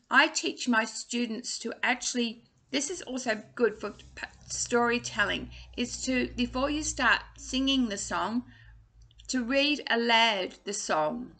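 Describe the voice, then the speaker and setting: A woman's voice: fairly high pitch, bright, forceful tone. Chatty woman teaching singing. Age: 60s. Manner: chatty and playful, drawing out drills. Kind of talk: casual online singing lesson.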